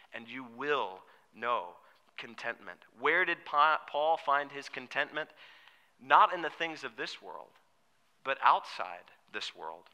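Bright-voiced male pastor preaching in a hall. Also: a little high. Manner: earnest preaching, drops to soft hushed tones for emphasis. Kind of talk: sermon. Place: church sanctuary. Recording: reverberant church hall.

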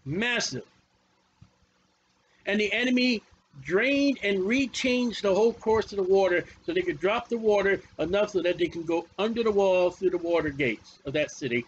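A man's voice: high voice, normal speed, muffled recording, a little hiss or hum. A male preacher teaching a Bible study sermon in a folksy, emphatic way, often repeating his phrases.

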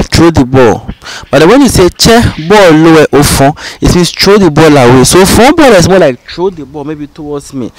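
A man, his voice sitting a little high, walks through a vocabulary drill at an unhurried pace. He says every word and its meaning twice, calm and patient. The sound is dry and close, with no room around it. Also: dry recording, rough recording. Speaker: language teacher. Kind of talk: slow, repetitive vocabulary drill.

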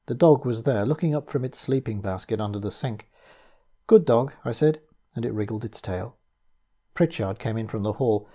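Husky-voiced man reading a horror story. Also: lowish voice, normal speed, warm tone. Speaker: audiobook reader.

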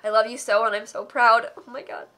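A woman's voice: a little high, level tone, a little fast, sharp tone. A young woman streamer reading out donations and thanking viewers, tearful and laughing through tears, with gushing, affectionate thanks. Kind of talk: live charity stream.

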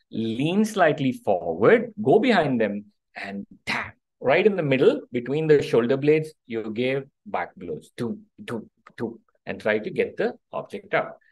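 This first-aid workshop talk comes from a middle-aged doctor whose voice is mid-range, heard through poor recording quality. Interactive in style, he regularly asks the audience "okay?" and "right?".

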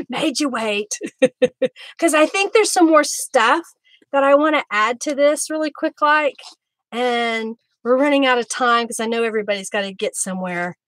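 A woman hosting a live craft stream, chatting warmly with viewers by name as she works. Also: high voice, moderate pace, dry recording. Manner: friendly, talks to viewers by name while working.

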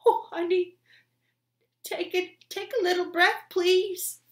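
A woman voicing a heartbroken, fiercely protective young boy in a storybook reading, pleading and shouting with raw emotion. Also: lowish voice, fairly even intonation, slow pace, husky, exaggerated voice. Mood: desperate. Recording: roomy echo.

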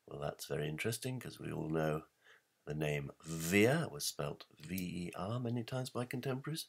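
Brief: male presenter, very low voice, emphatic explainer who asks rhetorical questions. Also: animated, moderate pace, gravelly. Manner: emphatic, poses rhetorical questions, reads verse aloud. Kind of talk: explanatory talk.

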